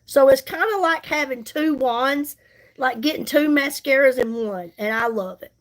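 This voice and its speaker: Speaking high and at a moderate pace, a woman hosting and selling on a makeup livestream chats loosely with viewers as she works on her face. She sounds down-home and comforting.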